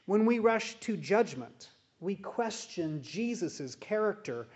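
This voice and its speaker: A man preaching a sermon as a pastor, in a measured, deliberate way with emphatic pauses. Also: high-pitched, expressive, darkish tone. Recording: dull, muffled sound.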